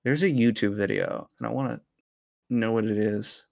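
A man's voice: on the low side, normal speed, creaky, a little mellow. A man hosting a podcast who reads a horror story aloud in a casual, profane way and breaks off to chat. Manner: profane, breaks off into side chatter. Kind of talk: casual story reading with banter.

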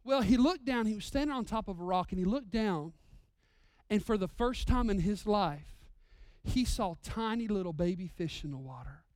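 A man in his thirties delivers a sermon with a smooth, clear voice, heard close and dry. He swings from loud, drawn-out proclamations to hushed, intimate storytelling. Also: high voice, animated, no echo. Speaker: pastor.

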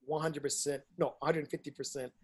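A slightly rough, somewhat high voice belongs to a middle-aged independent filmmaker and teacher, talking a little fast. During a casual interview he tells stories bluntly and with energy, swearing liberally and reenacting what others said.

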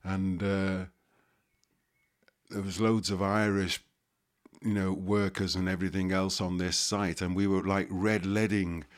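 An older man from Liverpool, England, with a Scouse accent and a very deep, level voice, shares a casual recollection as a guest storyteller. He rambles haltingly, using many fillers and restarts.

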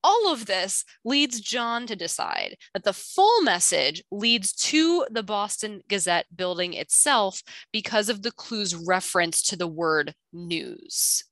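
Bright, chatty woman podcast host. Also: mid-range voice, very animated, no echo. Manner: chatty, quick asides, reads clues aloud. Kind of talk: casual chat recapping a book.

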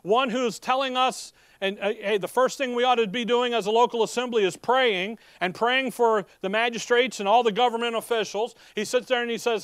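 A man's voice: extremely high pitch, fairly even intonation, fairly quick, hardly any pauses, fairly bright tone, smooth, no echo, studio quality. A man preaching a sermon, reading scripture aloud and explaining it in an emphatic, conversational way full of rhetorical questions.

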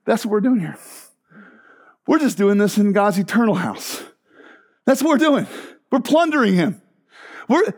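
A man preaching a sermon as pastor, animated and emphatic, with frequent restarts. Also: sits high.

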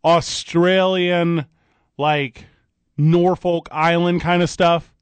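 A man's voice: a little high, clean tone, dry recording. A man co-hosting a studio talk show, joking and bantering with his partner. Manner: animated, joking, quick asides. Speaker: co-host. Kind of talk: casual radio show banter. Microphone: studio mic.

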